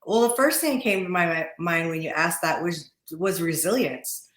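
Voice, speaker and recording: Fortyish woman on a podcast, kinda low voice, chatty w lots of laughs and restarts, roomy echo. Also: expressive, moderate pace, fairly bright tone. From Utah. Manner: chatty, laughs often, restarts and repeats words. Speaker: podcast guest. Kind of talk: casual interview talk. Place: podcast studio.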